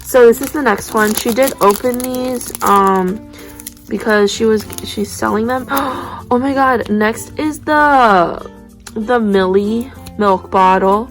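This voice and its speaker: A young woman chatting casually as she unboxes squishy toys, gushing and gasping with excitement. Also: a little high, slow pace, soft background music. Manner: excitable, gushing, breathless gasps.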